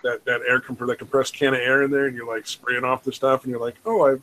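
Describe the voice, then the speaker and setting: A man's voice: mid-range voice, flat delivery, quick pace, sharp tone, a little hiss or hum, poor audio. A man co-hosting a casual podcast chat, telling stories in a laid-back, rambling way.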